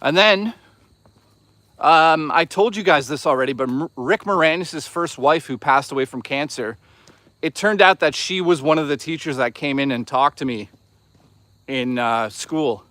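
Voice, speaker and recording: A man's voice: fairly high pitch, normal speed, bright, forceful tone, no echo. A man hosting a casual livestream outdoors on a hike, rambling and swearing as he chats with viewers. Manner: rambling, profane, chatty with viewers. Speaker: livestream host.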